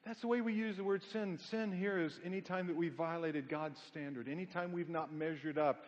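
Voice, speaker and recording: A man's voice: on the high side, normal speed. A middle-aged man preaching a sermon, emphatic and full of rhetorical questions and folksy humorous stories. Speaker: pastor. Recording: dull sound with long hall reverb.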